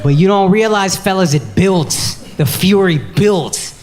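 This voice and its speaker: A man in his thirties doing stand-up comedy and crowd work, loud and animated, shouting his punchlines in put-on voices. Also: high-pitched, unhurried. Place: comedy club stage before a laughing crowd. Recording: roomy live club sound with loud crowd noise.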